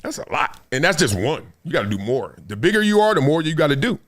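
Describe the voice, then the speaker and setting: A middle-aged man hosting a talk show, telling stories with big high bursts, low asides and frequent laughter. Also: sing-song, fast talker, a bit bright. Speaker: show host. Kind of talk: animated solo commentary.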